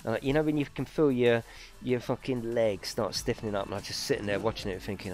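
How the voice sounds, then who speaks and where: A man's voice: medium pitch, steady tone, brisk, a little mellow, faint music behind. A man hosting a live racing stream from his home rig, chatting casually with viewers, swearing and exaggerating as he talks.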